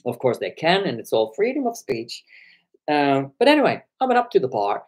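A hoarse man talking on a live stream, retelling an encounter with animated, indignant energy. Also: a little high, moderate pace. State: hoarse from shouting. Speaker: online commentator.

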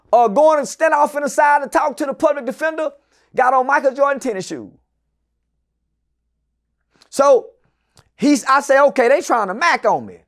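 A man's voice: extremely high pitch, animated, normal speed, pauses often. A middle-aged man telling a long story as an interview guest, cursing freely and acting out the people he quotes. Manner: profane, loud, acts out the people in his story. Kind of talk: animated storytelling in a casual interview.

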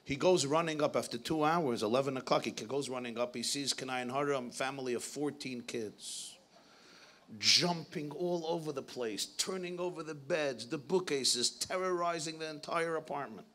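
A man giving a sermon as a rabbi, telling stories in an animated way and sprinkling in Hebrew and Yiddish terms. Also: mid-range voice, moderate pace. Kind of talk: sermon storytelling.

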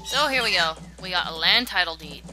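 A woman's voice: lowish voice, lively intonation, a little fast. A woman casually narrating a video game playthrough, with joking, sarcastic asides over game music. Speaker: let's play host. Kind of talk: let's play commentary.

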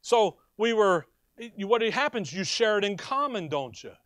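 A man's voice: high-pitched, moderate pace, dry recording. A male pastor preaching a sermon to his congregation, asking them questions and telling personal stories. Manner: animated, asks the congregation questions. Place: church.

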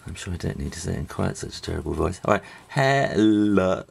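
Brief: middle-aged English man, low gravelly voice, rambling casual drawing tutorial, faint pen scratches and hiss behind. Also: steady tone, racing. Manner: rambling, with many fillers and restarts while drawing. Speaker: drawing teacher. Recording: faint noise with pen and writing sounds.

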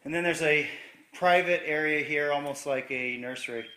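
A bright-voiced man chats his way through an empty house, cracking little jokes as he points things out. His words ring off the bare walls of the echoey rooms, caught on a handheld camera mic. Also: fairly high pitch, moderate pace. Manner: upbeat, jokey, chatty. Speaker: real estate agent giving a property tour. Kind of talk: casual walkthrough narration. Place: inside a large empty house, walking room to room.

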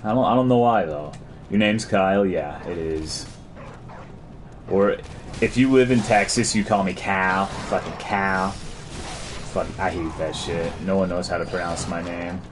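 Very deep-voiced laid-back male streamer. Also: moderate pace, noisy background. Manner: laid-back, crude, reads out and answers chat. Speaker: game streamer. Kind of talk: casual live-stream chat.

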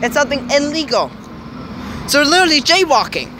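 A man's voice: very high-pitched, very animated, brisk. A young man filming a casual vlog on a snowy city street, rambling and upbeat as he hunts for words. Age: young adult. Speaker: vlogger filming his family walk. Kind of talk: casual handheld vlog narration. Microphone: handheld camera. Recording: outdoor street noise, traffic.

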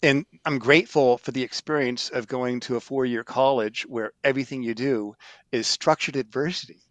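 A middle-aged man, a sales trainer, telling stories in an animated, emphatic way as an interview guest. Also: medium pitch, normal speed, no room sound. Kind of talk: storytelling interview answer.

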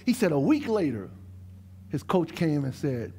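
A middle-aged man from New Orleans with a New Orleans accent, a pastor preaching a lively sermon to his congregation in a church. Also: a little high, normal speed, slight background noise. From New Orleans, USA. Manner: animated preaching, dialect-rich, talks straight to the congregation. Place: church sanctuary.

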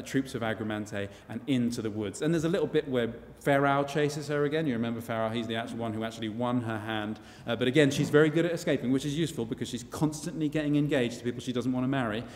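A man telling a story live in a wry, chatty, animated way. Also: medium pitch. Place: church. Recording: long church reverb.

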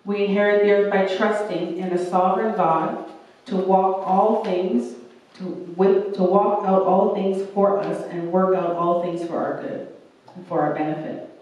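A young woman delivers a sermon from a church hall, earnest and warm in her storytelling. She slips into the voices of the people she quotes. The sound is very roomy and heard from some distance off the mic. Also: mid-range voice. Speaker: preacher.

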